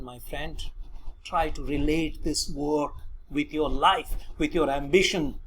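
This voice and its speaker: A man's voice: fairly high pitch, bright, forceful tone, a little hiss or hum, low-quality recording. A middle-aged man, telling a story and then lecturing his listeners in an emphatic, preachy motivational style. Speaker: motivational speaker addressing alumni volunteers.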